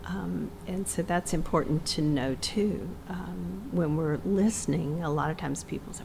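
A woman's voice: lowish voice, a little slow, creaky, few pauses, background noise. A woman in a faith discussion, speaking earnestly and affirming the others.

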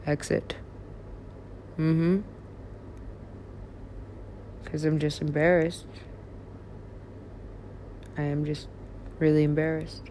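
A woman in a drifting, confessional monologue, halting and restarting, who drops into soft whispers and then rises into louder bursts. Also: flat delivery, slight background noise. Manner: drifting, halting, swings between low mumbles and sudden louder bursts.

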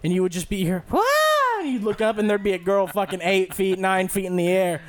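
A man's voice: high voice, fairly even intonation, quick pace. Profane, rambling young man telling stories. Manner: rambling, profane, acts out quotes loudly. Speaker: podcast co-host. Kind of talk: casual storytelling.

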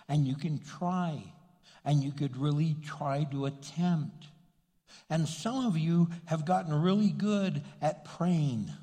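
A man with a New Mexican accent preaching a sermon as pastor, animated and joking, acting out voices. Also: a little high, big-room sound. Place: church sanctuary.

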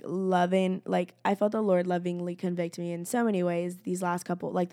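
Chatty young woman with vocal fry. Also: medium pitch, dry recording, studio quality. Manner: chatty, full of "like", acts out her own prayers. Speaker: faith vlogger. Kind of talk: casual personal talk.

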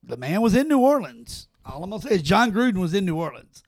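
A man's voice: high-pitched, very animated, quick pace, dry recording, clean studio sound. A man co-hosting a podcast in casual sports chat, blunt and emphatic. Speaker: podcast co-host.

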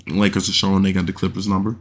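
A young man with a somewhat low voice hosts a casual solo podcast. He tells stories in slang, swears freely, and keeps checking in with the listener. When he acts out other people's shouts, he jumps up high. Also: monotone, racing, slightly rough. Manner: swears freely, uses slang fillers like "you know what I'm saying". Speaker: podcast host.

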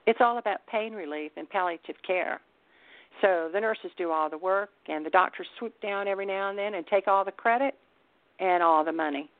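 A woman's voice: mid-range voice, normal speed, no echo, natural voice. A woman reading aloud, voicing a jaded hospice nurse who talks in a blunt, matter-of-fact way. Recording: tinny phone-like line.

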